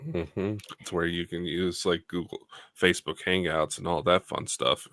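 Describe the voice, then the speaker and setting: A man's voice: deep voice, fairly even intonation, normal speed, a bit bright, dry recording, clean studio sound. A man co-hosting a podcast in an easygoing, conversational way. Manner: easygoing, conversational, plugs friends' channels. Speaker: podcast co-host. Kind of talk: casual chat.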